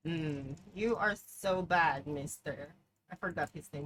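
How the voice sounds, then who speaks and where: A woman's voice: deep voice, normal speed, a little hiss or hum, low-quality recording. A woman streamer talking through a live game, exclaiming, swearing and poking fun at herself. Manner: swearing, exclaiming, self-mocking. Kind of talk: live gameplay commentary.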